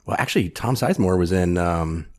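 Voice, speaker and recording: A man's voice: low-pitched, animated, fairly quick. A man co-hosting a casual podcast chat about a film, chatty and adding trivia. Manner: chatty, laughs along, adds trivia.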